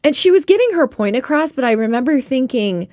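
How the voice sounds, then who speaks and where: A woman's voice: high voice, expressive, brisk, darkish tone, dry recording, clean studio sound. A young woman from Reno co-hosting a podcast in casual chat, blunt and profane, slipping into mimicked accents. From Reno, Nevada. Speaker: podcast co-host.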